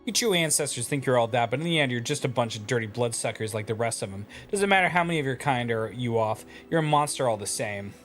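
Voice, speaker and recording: A man's voice: medium pitch, animated, fast talker, few pauses, a bit bright, soft background music, pitched below the performer's own voice, close to an everyday voice. A man voicing a cocky, foul-mouthed young church executor in a game, talking with swagger. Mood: contemptuous. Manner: swaggering, crude.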